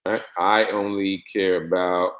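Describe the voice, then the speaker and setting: A man giving a step-by-step screen-share tutorial on trading software, repeating instructions and spelling out letters. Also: deep voice, little pitch movement, measured pace, slight background noise. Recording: echoey room.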